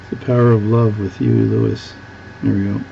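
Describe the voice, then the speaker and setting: Gravelly Canadian man rambling at his workbench. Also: fairly low pitch, level tone, fairly quick, mellow, lo-fi sound, a little hiss or hum. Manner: rambling, chatty, full of restarts. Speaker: watchmaker. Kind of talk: casual workbench tutorial.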